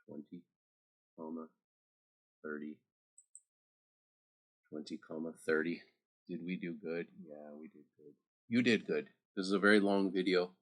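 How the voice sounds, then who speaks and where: Low husky-voiced male math teacher. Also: level tone, unhurried, pauses often, a bit bright. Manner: chatty, talks directly to students with asides. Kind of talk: screen-recorded math lesson.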